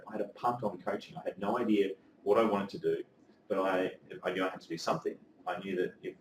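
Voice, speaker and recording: A man, telling his story as a life coach in a casual interview, earnest and animated, with casual swearing. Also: low-pitched, a little hiss or hum. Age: 30s. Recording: echoey room, mic at a distance.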